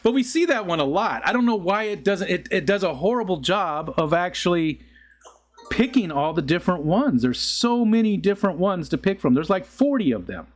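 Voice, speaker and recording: Chuckling middle-aged man, lively pitch. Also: moderate pace. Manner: rambling, chuckling, talks to chat. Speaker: livestream host. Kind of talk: casual live-stream chat.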